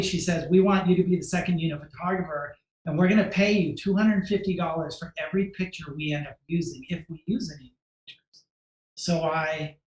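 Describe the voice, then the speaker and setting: A man guest on a podcast, telling a story in a casual, animated way, acting out the voices of the people he quotes, with many fillers. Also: on the high side, echoey room, poor audio. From United States.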